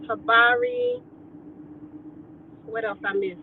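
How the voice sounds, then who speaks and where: Lively woman talking over a tinny headset. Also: a little high, unhurried, slight background noise. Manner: playful, greets viewers by name. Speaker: homestead channel host. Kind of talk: casual live-stream chat. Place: inside a car. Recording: tinny phone-like audio.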